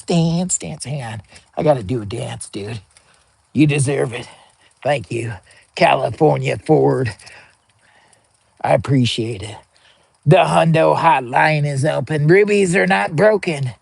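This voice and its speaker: A man live streaming a product test, joking around, hyping up his viewers and bursting into excitement. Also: on the high side, gravelly, husky, no room sound. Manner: joking, hyped, begs for likes, bursts of excitement. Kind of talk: goofy live-stream chat. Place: outdoor campsite by a pellet stove.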